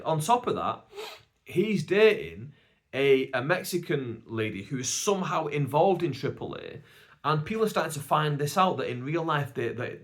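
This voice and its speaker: A man's voice: fairly high pitch, a bit bright. A British man hosting a casual solo podcast, telling a long story in a chatty, rambling way with many asides. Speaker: podcast host.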